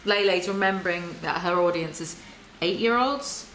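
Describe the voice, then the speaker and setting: A woman giving soft-spoken ASMR book commentary, reading passages aloud with sarcastic, wry asides. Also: medium pitch, moderate pace, echoey room, slight background noise, rough recording.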